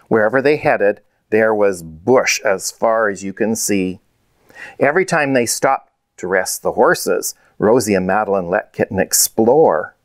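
A man, the author, reading his children's storybook aloud in a measured, clear way. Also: fairly low pitch, lively intonation, no echo.

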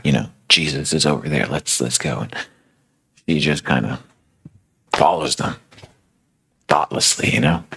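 A man's voice: extremely low pitch, pushed and bright, husky. A male preacher retelling a story in a sermon, conversational and dramatic, with casual fillers.

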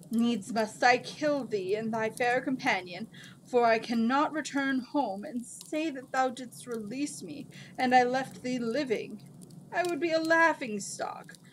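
An ancient male jinn from a storybook, grand and formal, speaking in old-fashioned pronouncements as a woman reads him aloud. The voice sits fairly high for a man and carries a faint hum of room noise behind it. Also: lightly acted, poor audio. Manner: archaic speech, grand declarations.

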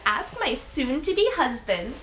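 High, lively Western Pennsylvania woman. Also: a little hiss or hum. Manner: swings from halting to gushing, high and emotional. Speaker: comic actor playing a lovesick dating-video maker. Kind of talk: deadpan comedy sketch monologue.

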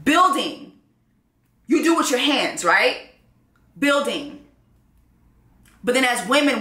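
Animated woman telling a dating story. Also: a little high, echoey room. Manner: animated storytelling, acts out quoted exchanges. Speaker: host. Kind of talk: casual commentary vlog.

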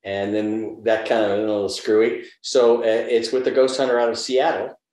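A seventy-something actor from the United States reflects thoughtfully in an interview, telling stories and giving advice. His lowish, darkish voice stays level at a moderate pace, and the room adds noticeable echo.

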